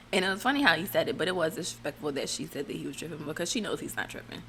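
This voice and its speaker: A woman's voice: low voice, lively intonation, very fast, bright, forceful tone, a little hiss or hum. A woman giving casual, blunt and profane reality TV recap commentary, rambling with fillers and restarts.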